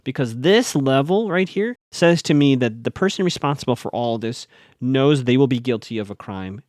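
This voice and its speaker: A man hosting a solo podcast, recapping a TV episode in casual, animated talk with fillers, restarts and blunt asides. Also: medium pitch, normal speed, no echo, clean studio sound.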